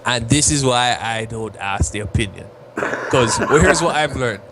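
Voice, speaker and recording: A man with a middle-pitched voice chimes in during casual podcast banter. His tone is wry and teasing. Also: measured pace, very noisy. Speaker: co-host or guest.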